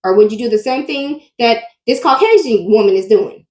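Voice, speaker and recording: A woman hosting a casual reaction commentary, animated and asking her viewers questions directly. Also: on the high side, normal speed, roomy sound. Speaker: commentary channel host.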